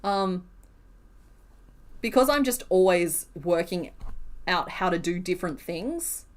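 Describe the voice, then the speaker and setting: A woman's voice: on the low side, expressive, takes it slowly. Chatty woman streaming crochet. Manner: chatty, self-deprecating, answers chat questions. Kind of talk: casual live-stream chat while crocheting.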